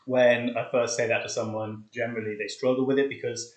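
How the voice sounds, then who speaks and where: Young man, fitness coach, out of breath, chatty, counting reps, mid pitch, echoey room. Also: flat delivery, a little fast. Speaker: fitness coach leading a live workout. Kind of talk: casual live-stream workout instruction. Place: hot flat, indoors.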